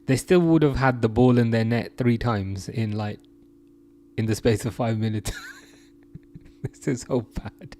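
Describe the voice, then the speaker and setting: A man's voice: mid-range voice, measured pace, long pauses, warm tone, slight background noise. A young man from England hosting a casual live chat, reading out viewer comments, laughing often and restarting his sentences. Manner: chatty, laughs often, many restarts and fillers. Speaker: live stream host.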